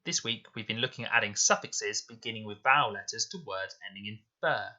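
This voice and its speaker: A man teaching a recorded spelling lesson to children, explaining slowly and clearly and repeating words with care. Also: fairly low pitch, bright, forceful tone. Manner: slow, clear, deliberate explanations. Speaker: primary school teacher. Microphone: voice-over to slides.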